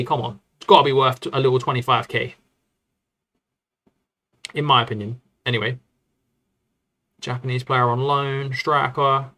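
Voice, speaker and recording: A man streaming a football management game live, talking in a loose, rambling, excitable way. His voice sits a little on the high side for a man. He keeps calling out to his viewers as he goes. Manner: chatty, rambling and excitable, often addressing the chat as lads. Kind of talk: casual live-stream commentary.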